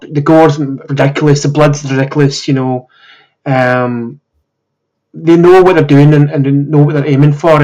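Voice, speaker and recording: Slightly hoarse man chatting. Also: fairly high pitch, darkish tone, low-quality recording. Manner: rambling, full of filler words. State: slightly hoarse, recovering from illness. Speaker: podcast host. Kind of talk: casual chat.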